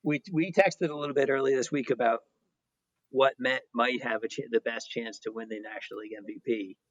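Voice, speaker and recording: A man's voice: mid-range voice, fairly even intonation, brisk, no echo, muffled recording. A man co-hosting a podcast, chatting casually and hesitantly about baseball with lots of restarts. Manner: hesitant, many restarts and fillers. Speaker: podcast co-host. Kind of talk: casual sports chat.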